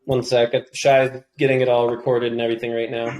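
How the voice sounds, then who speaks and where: A man's voice: medium pitch, level tone, brisk, darkish tone, roomy sound, rough recording. A man hosting a casual community livestream. He is under the weather and talks in a rambling, emotional way. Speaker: host.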